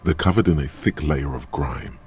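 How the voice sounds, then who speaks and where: A male voice actor narrating a video game as a grave, measured inner voice describing the scene. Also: a bass voice, slight background noise. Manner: calm, descriptive, commanding.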